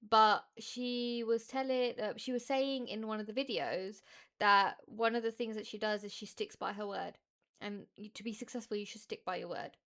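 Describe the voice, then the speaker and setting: A woman's voice: mid-range voice, moderate pace. A young woman from the UK, a streamer in casual chat, telling stories and acting out what others said. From United Kingdom. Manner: chatty storytelling, animated quoting of others.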